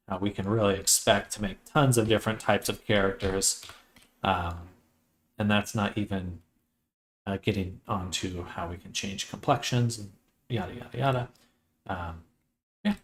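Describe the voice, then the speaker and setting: A man's voice: on the low side, measured pace, long pauses, echoey room, a little hiss or hum. A man casually narrating his 3D character work as he goes, thinking aloud with lots of ums and restarts. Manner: relaxed, thinking aloud with many fillers. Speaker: 3D artist and streamer. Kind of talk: casual screen-share tutorial.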